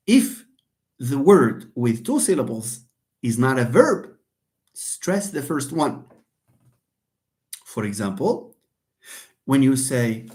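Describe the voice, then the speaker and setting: In an online lesson, this Moroccan English teacher speaks at medium pitch with a lively up-and-down delivery. He goes over key points again and again with patience, moves between Darija and English, and addresses students by name.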